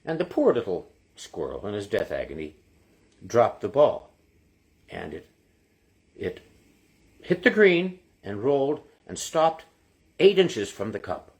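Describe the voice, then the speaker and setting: A man's voice: on the low side, sing-song, a little slow, long pauses, voice pushed down. A man voicing an Irish golfer in a joke, with a put-on Irish accent, rambling through a long story.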